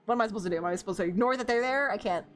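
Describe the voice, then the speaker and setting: A young woman streaming a game, reacting with giggles and excitement and reading the game text aloud. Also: medium pitch, rapid-fire, faint music behind.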